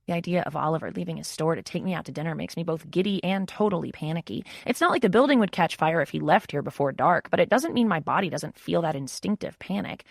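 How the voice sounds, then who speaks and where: A woman's voice: low voice, expressive, quick pace, creaky, few pauses, no echo. A woman reading a first-person audiobook in a wry, intimate inner-monologue manner, close to the mic. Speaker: audiobook narrator.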